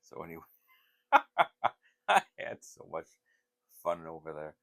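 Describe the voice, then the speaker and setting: A man's voice: sits low, wildly swooping pitch, slow pace, creaky, a bit bright. An older man hosting his channel, telling rambling, meandering stories with frequent restarts and laughter. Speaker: channel host. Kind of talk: casual rambling storytelling.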